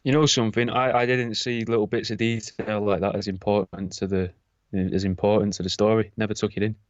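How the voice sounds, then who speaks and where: A man's voice: fairly low pitch, level tone, brisk, no room sound. A man co-hosting a podcast, retelling a story with amused chuckles. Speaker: podcast co-host. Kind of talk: casual storytelling chat. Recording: slightly dull lo-fi sound.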